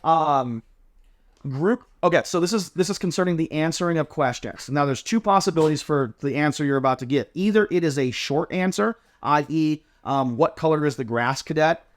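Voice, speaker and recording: A man's voice: fairly high pitch, lively intonation, normal speed. A man, a drill team coach, casually explaining inspection answers step by step and acting out sample replies. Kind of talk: casual instructional chat.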